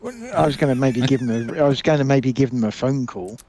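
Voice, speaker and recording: A man's voice: mid-range voice, fast talker, mellow. A man playing a tabletop game, jokey and trailing off mid-sentence. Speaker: player.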